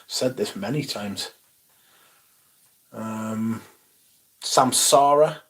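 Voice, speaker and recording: On the low side and husky yet fairly bright in tone, this voice draws its words out. It belongs to a Northumbrian livestream host from northeast England who talks casually and bluntly, curses freely, and reads the chat aloud to reply.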